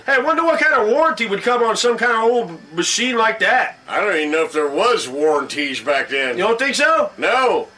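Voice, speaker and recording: Two old male news correspondents trade loose, jokey banter, as one man voices both. The voice sits high for a man and sounds bright and forceful. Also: sing-song, a little fast, full character voice. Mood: joking. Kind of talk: comedy sketch chat.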